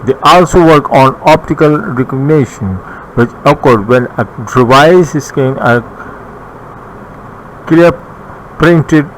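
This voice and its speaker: A man's voice: a little high, poor audio. Bangladeshi-accented male computer teacher. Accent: Bangladeshi English. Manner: reads notes slowly with pauses, occasional restarts. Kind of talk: recorded classroom lecture. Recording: faint background noise.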